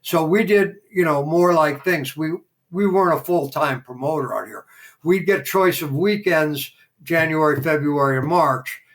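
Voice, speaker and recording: An older man spinning anecdotes as a podcast guest, his voice sitting a little on the high side. He talks in a relaxed, chatty way and slips into the voices of the people he quotes. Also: normal speed. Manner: animated raconteur who acts out quoted dialogue. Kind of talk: casual interview storytelling.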